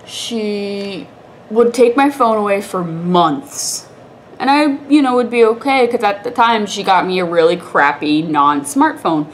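A woman's voice: mid-range voice, a little slow, a little hiss or hum. A young woman vlogger with a congested, stuffy voice, telling a rambling story to the camera in a chatty way, laughing often.

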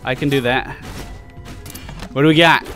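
A man hosting a let's play, giving casual gameplay commentary in an excitable way, swearing often and reacting loudly to loot. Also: medium pitch, unhurried, soft background music.

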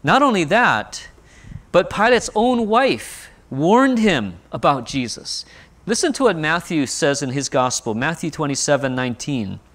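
A pastor preaching a sermon, explaining scripture with rhetorical questions and rising emphasis when quoting. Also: male voice, on the high side, sing-song, a little slow, a bit bright.

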